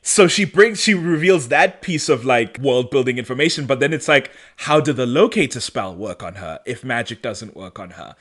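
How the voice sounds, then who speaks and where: A man co-hosting a podcast, recapping a show in animated, laughing casual chat. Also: mid-range voice, normal speed, hardly any pauses. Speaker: podcast co-host.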